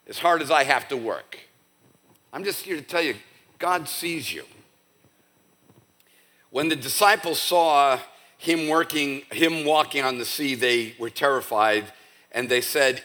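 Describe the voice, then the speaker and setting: A middle-aged man preaching a sermon as pastor, conversational, dropping to a hush and then rising to emphatic peaks. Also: a little high, lively intonation, a little slow. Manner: conversational, swinging between hushed and emphatic. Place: church.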